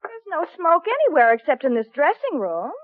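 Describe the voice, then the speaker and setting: A woman's voice: high-pitched, sing-song, a little fast, slight background noise. An actress playing a nosy, sly showgirl with a knowing way of talking. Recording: lo-fi old radio with audience.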